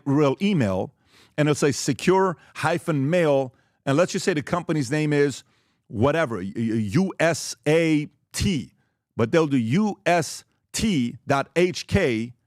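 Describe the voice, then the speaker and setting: A man hosting a business presentation to a live audience, direct and emphatic, telling stories with lively acted-out exchanges. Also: on the high side, dry recording, clean studio sound. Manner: animated storytelling, acts out quoted exchanges; direct and emphatic, lists points quickly. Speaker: host giving a business talk.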